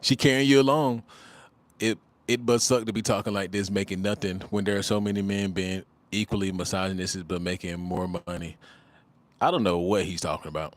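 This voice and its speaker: A man's voice: sits low, fairly even intonation, fairly quick. A man in his twenties hosting a casual livestream, talking bluntly with mocking, slangy banter and repeated phrases. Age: 20s. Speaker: livestream host.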